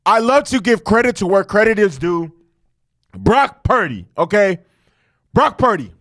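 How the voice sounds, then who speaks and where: A man hosting a casual sports reaction show, talking in an animated, profane way and repeating points for emphasis. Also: high-pitched, measured pace, no room sound, clean studio sound. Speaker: sports commentary host.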